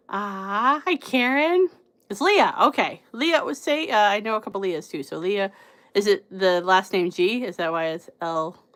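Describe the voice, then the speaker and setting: A woman's voice: a little high, fairly bright tone. A woman in her thirties hosting a psychic reading livestream, greeting viewers by name in casual chat and laughing often. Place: home room with card decks on shelves behind.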